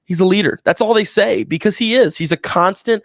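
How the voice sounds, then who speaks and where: A fairly high-pitched man co-hosting a sports show, talking in an excitable, animated way and often restarting his sentences. He sits close to a dry microphone with no room sound. It sounds like casual talk between friends. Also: fairly quick, no room sound. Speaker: co-host.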